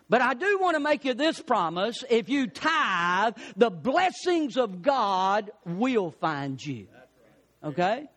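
Pastor guy preaching, high voice, jokey and animated, goes up loud on the punchlines. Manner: animated, joking, voice rising on emphasis. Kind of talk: sermon.

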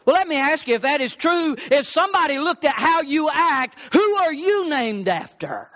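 High, lively, emphatic male preacher. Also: normal speed. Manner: emphatic, repeating words for stress, rising to shouts. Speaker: pastor. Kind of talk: sermon.

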